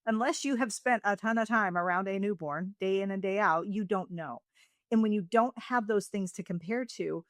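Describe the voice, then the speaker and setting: A woman's voice: medium pitch, dry recording, clean studio sound. A woman hosting a podcast interview, speaking in a thoughtful, reflective way with long, winding sentences. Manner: thoughtful, reflective, rambling phrasing. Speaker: podcast host. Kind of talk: interview conversation.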